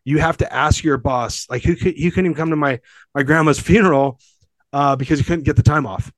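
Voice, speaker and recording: A Southern California gym owner in his forties tells his story as a podcast guest, rambling casually in a profane, emphatic way. His voice is a little high and fairly quick, captured in a dry recording.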